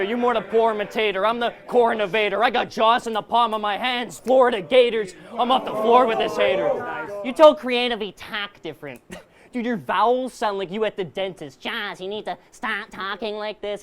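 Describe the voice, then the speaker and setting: A man with a fairly high voice spits an aggressive, taunting battle rap verse, stacking punchline after punchline. A loud crowd is clearly audible around him at the live event. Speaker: battle rapper.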